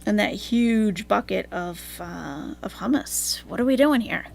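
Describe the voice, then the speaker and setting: A woman's voice: medium pitch, animated, measured pace, gravelly. A woman streamer giving sarcastic live reaction commentary, often dropping into muttered asides. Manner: sarcastic, drops into asides and whispers.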